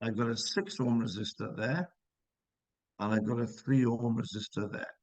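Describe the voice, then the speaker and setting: A man's voice: mid-range voice, steady tone, moderate pace, darkish tone, no room sound, poor audio. A man teaching physics in a live online class, checking students' answers with encouragement and working through problems step by step.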